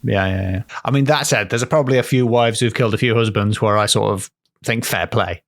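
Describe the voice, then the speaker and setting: A man co-hosting a podcast in casual, playful chat, full of puns and quick laughs. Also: lowish voice, no room sound, clean studio sound. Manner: playful, punning, laughs easily. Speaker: podcast co-host.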